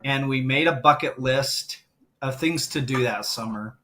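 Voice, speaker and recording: A man's voice: medium pitch, a little slow, pushed and bright. A middle-aged man speaking as a guest on a live stream, telling a heartfelt story and getting emotional as he talks. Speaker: guest, grief coach.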